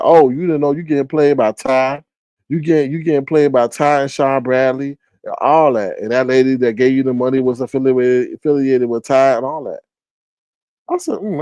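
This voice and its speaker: A man speaking holds forth on his own live stream, ranting in a sarcastic, animated way. His voice sits at an average pitch for a man. The sound is dry and close, with no room echo. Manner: animated, sarcastic, mocking quotes with sudden high squeals. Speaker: live stream commentary host. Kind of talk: casual ranting commentary.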